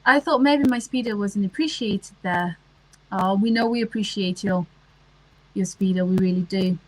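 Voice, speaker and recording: A woman's voice: medium pitch, normal speed, a little mellow, low-quality recording. Chatty woman streamer. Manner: chatty, hesitant, many ums and restarts. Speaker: livestream host. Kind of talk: casual livestream chat reading comments.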